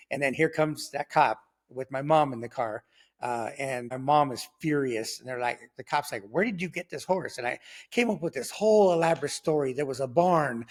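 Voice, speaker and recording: A man in his sixties telling his life story in conversation, lively and rambling, with lots of fillers and sudden jumps in pitch when he acts out other people's voices. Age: 60s. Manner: loose and rambling, full of fillers and restarts. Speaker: guest sharing his testimony.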